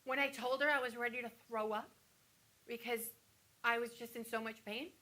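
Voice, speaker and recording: An actress playing a wounded woman patient on stage who recalls cruel nurses, teary and halting with flashes of wry humor. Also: a little high, steady tone, sharp tone. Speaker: stage actor playing a breast cancer patient. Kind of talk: theatrical monologue.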